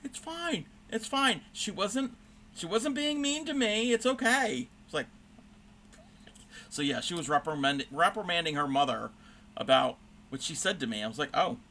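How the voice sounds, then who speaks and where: A man's voice: a little high, sing-song, normal speed, pushed and bright, a little hiss or hum. A man hosting a crafting livestream, telling a rambling story in casual chat with fillers and self-corrections while he stitches.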